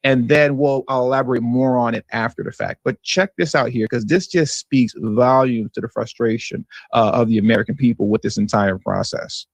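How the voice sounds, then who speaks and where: A man from California hosts a live stream of political commentary. He talks casually and mockingly, hammering phrases through repetition. His voice sits mid-pitch and sounds dry with no room around it. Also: dry recording. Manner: sarcastic and mocking, repeats phrases for effect, chuckles. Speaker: livestream news commentary host.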